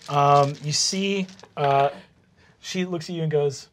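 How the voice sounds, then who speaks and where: A man running a tabletop game as game master, narrating casually and calling for dice checks. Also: on the high side. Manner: quick, casual narration with fillers.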